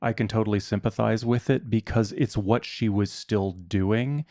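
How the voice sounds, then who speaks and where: A man hosting a podcast, discussing a film deliberately and weighing both sides of an argument. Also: on the low side, steady tone, dark tone. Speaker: podcast host.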